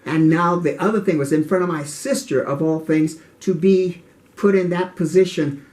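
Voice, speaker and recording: An older man telling childhood memories in an interview, earnest and halting, often repeating words. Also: fairly high pitch, darkish tone. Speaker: interviewee, martial arts teacher. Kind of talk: reflective interview storytelling.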